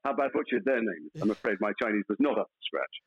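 A man's voice: fairly low pitch, animated, fast, lo-fi sound, a crowd in the background. A man, an actor guest in a casual interview, telling stories playfully with mock outrage.

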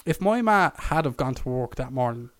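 A man's voice: mid-range voice, animated, moderate pace, a crowd in the background. Irish man telling a swearing story. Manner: swearing, laughing, acts out quotes in a raised voice. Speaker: podcast co-host. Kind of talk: casual chat, storytelling.

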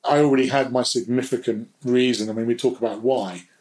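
A man's voice: mid-range voice, fairly even intonation, brisk, darkish tone, poor audio. A man speaking as a guest in a candid, reflective conversation, sometimes laughing at himself. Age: adult.

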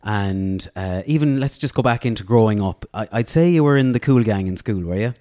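Man, podcast host, low-pitched, dry close sound, casual teasing chat. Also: expressive, fairly quick, mellow, dry recording. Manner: chatty, teasing.

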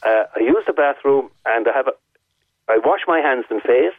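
A man's voice: medium pitch, lively intonation, moderate pace, no echo. A man with an Irish accent calling in to a radio show and telling a long story in vivid detail, repeating his points for emphasis. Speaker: caller. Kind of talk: phone-in storytelling. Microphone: telephone. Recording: tinny phone line.

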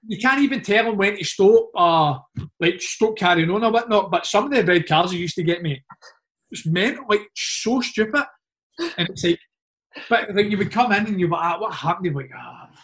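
A Scottish man with a fairly high voice tells dressing-room stories in a loose, animated way. He talks like a former footballer catching up with a mate, dropping "mate" and "like" into nearly every line. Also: moderate pace. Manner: animated anecdotes, frequent "mate" and "like". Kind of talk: casual storytelling chat.

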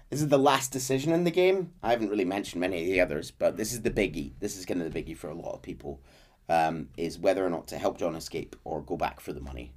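A low-voiced man recaps a video game storyline for a podcast. His narration is steady and measured, and he acts out the characters' quotes with some drama. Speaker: podcast host.

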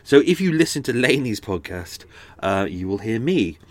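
Recording on a houseboat, a podcast host talks in a relaxed, wandering way, his mid-range voice swinging widely in pitch at a moderate pace, his nose a bit stuffed. He restarts sentences and drifts into asides often. A close-up studio microphone gives a dry recording.

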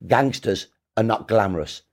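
A man's voice: fairly low pitch, normal speed. A man, a historian answering interview questions in an emphatic storytelling way. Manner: emphatic, storytelling, rises when rebutting. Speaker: historian guest.

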